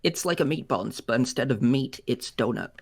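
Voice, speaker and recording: Relaxed man chatting as a guest. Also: mid-range voice, brisk, vocal fry, husky. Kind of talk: casual reaction video chat.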